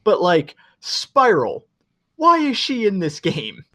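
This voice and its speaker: A man's voice: high voice, wildly swooping pitch, slow pace, sharp tone. A young man co-hosting a podcast, chatting casually and enthusiastically, with some swearing and rambling. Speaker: podcast co-host. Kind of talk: casual chat.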